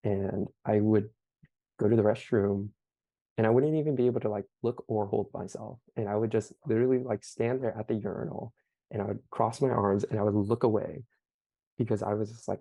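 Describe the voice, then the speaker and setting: A young man giving halting, emotional personal testimony as an interview guest, full of fillers. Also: lowish voice, steady tone, gravelly, dark tone, no room sound.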